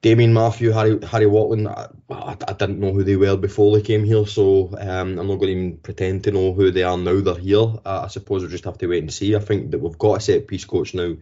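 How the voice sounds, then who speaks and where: A man's voice: deep voice, level tone, a little fast, hardly any pauses, dark tone. A man hosting a casual football podcast, chatty, with frequent ums and restarts. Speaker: podcast host. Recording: dull lo-fi podcast audio.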